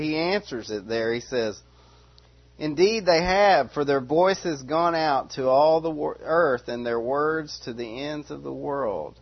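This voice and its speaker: A man's voice: fairly high pitch, slightly rough. Earnest man teaching scripture, lo-fi. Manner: earnest, repeats and restarts phrases, asks rhetorical questions. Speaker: Bible teacher. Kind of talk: verse-by-verse Bible teaching. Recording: dull lo-fi recording.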